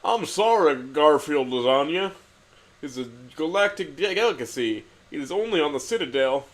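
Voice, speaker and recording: A man's voice: a little high, expressive, moderate pace, pitched above the performer's own voice, natural voice. A man voicing a sorrowful male mess sergeant who stammers.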